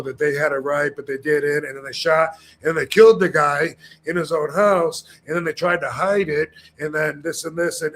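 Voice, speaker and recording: A man talking casually on a podcast, his voice sitting a little high. He rambles through fillers and restarts and acts out the people he quotes. A faint noise hangs under the recording. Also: creaky, a bit bright.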